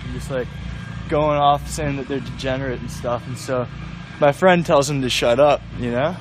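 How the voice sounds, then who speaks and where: A young man casually telling a story outdoors, relaxed and easygoing. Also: mid-range voice, moderate pace, noisy background. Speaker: interviewee.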